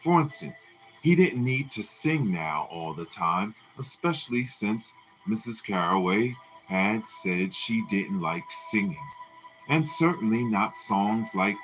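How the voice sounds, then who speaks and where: Slow, expressive male book narrator. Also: fairly low pitch, soft background music, poor audio. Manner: expressive, deliberate storytelling. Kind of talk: live book reading.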